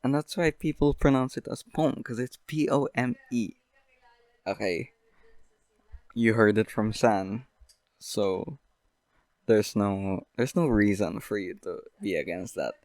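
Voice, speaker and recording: A young man hosting a podcast, rambling through an absurd deadpan comedic monologue full of fillers. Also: lowish voice, a little slow, long pauses, dry recording. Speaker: podcast host.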